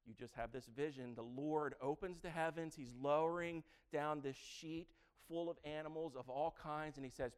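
A man's voice: on the high side, steady tone, moderate pace, hardly any pauses, clean tone. A man preaching an interactive sermon to his congregation, chatty and joking as he quizzes the audience. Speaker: preacher teaching a Bible lesson.

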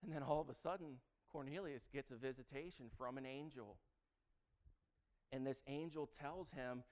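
Male preacher, clear, smooth tone, chatty and joking, quizzes the congregation. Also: medium pitch, normal speed, darkish tone. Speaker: preacher teaching a Bible lesson. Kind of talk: interactive sermon.

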